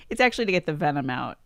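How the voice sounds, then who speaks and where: A woman's voice: low voice, vocal fry. A woman co-hosting a casual live show from home, telling stories and laughing often. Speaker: co-host. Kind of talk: casual chat.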